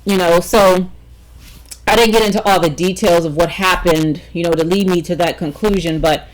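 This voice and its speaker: A woman's voice: lowish voice, fairly even intonation, moderate pace, rough recording. A middle-aged woman vlogging a personal story, emphatic and talking straight to her viewers with frequent check-ins.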